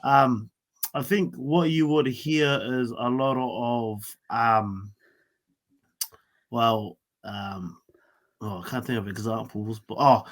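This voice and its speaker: Laid-back Kiwi man, relaxed chat. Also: medium pitch. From Samoan heritage, New Zealand. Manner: laid-back, joking, many fillers. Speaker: teacher, podcast guest. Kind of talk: casual chat.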